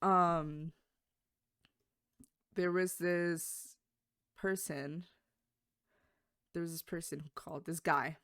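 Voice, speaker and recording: Lively young woman telling work stories. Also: fairly low pitch, slow, long pauses, dry recording, clean studio sound. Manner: animated, swears, acts out quoted voices. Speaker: podcast co-host. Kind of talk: casual storytelling chat.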